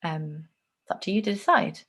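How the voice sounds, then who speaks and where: A woman teaching an online lesson on speech delivery, clearly demonstrating phrases with changing intonation. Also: lowish voice, normal speed, fairly bright tone.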